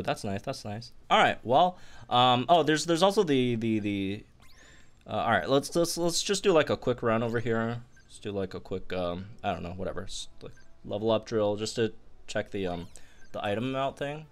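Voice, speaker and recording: A young man giving excited commentary on a game update, bursting into squeals and laughter as he talks to viewers. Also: mid-range voice, moderate pace. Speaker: gaming youtuber.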